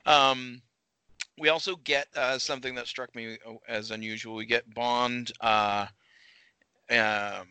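Bright, dry-voiced man chatting about films. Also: medium pitch, steady tone, slow pace, clear, resonant tone, no room sound, rough recording. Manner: rambling, many restarts, laughs often. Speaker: podcast co-host. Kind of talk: casual film discussion.

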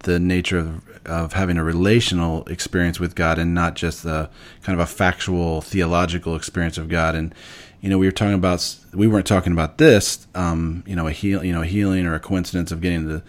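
Podcast host guy, really low voice, thinks out loud, lots of ums. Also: little pitch movement, fairly quick. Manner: reflective, searching for words with many ums. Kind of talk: casual podcast conversation.

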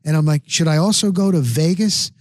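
A man's voice: brisk, dry recording, clean studio sound. Rambling man telling stories on a podcast. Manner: rambling storyteller, acts out quotes with big pitch jumps. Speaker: podcast host. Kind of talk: casual monologue.

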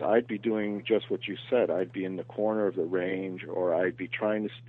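Earnest low-voiced man on a phone line. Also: no room sound. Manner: earnest, repeats words as he thinks. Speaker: golf professional, interview guest. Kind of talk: podcast interview. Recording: tinny phone line, very dry.

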